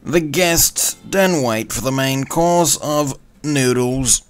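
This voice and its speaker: A young man giving a dry, deadpan mock-documentary voice-over. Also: mid-range voice, slow pace. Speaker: narrator. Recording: voice-over with background music.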